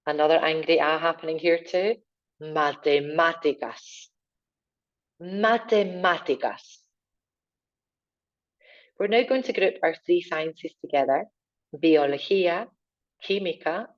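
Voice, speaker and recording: Casting: low-pitched woman, language teacher, unhurried repeat-after-me drills, slightly dull recording. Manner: slow, clear pronunciation modelling. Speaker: Spanish teacher.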